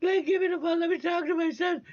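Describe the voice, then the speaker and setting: Man doing a shrill overjoyed mother. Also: fast, a little mellow, dull audio. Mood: ecstatic. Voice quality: high falsetto.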